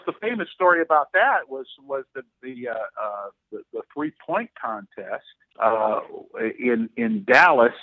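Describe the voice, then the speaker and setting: A man's voice: mid-range voice, no echo. A sportswriter in his sixties, telling an anecdote as a guest with lots of restarts and fillers. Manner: halting, frequent restarts and fillers. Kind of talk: storytelling anecdote in interview. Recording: tinny phone line.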